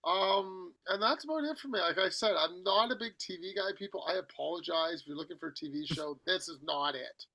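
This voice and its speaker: Gravelly, bright-voiced middle-aged male podcast host. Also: fairly high pitch, steady tone, brisk, few pauses, low-quality recording. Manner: rambling and chatty, jumps between topics. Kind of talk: casual chat.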